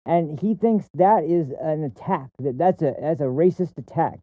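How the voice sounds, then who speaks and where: A man rants in casual commentary, scornful and swearing at what he just watched. His voice sits a touch high for a man and comes through a narrow, phone-like channel. The sound is dry and close, with no room around it. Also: lively intonation, normal speed, few pauses, no echo. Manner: mocking, profane, scornful. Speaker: streamer commenting on a clip.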